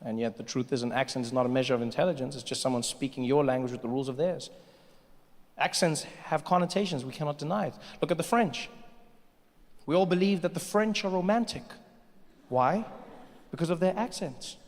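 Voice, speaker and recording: A man from Africa doing stand-up, telling stories with animated energy and jumping into put-on voices. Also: fairly high pitch, fairly quick. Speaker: stand-up comedian. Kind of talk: stand-up storytelling. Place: large comedy venue. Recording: live comedy hall with long reverb.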